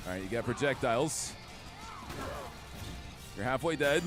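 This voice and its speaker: A young man commenting excitedly on his gameplay, chatty and trash-talking enemies as he streams. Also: mid-range voice, measured pace. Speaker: gaming streamer. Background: game music.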